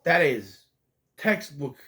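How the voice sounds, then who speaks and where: Animated, exasperated man ranting about a movie. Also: fairly high pitch, slow pace. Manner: rambling, with restarts and stammers. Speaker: movie reviewer. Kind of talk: casual spoken film review.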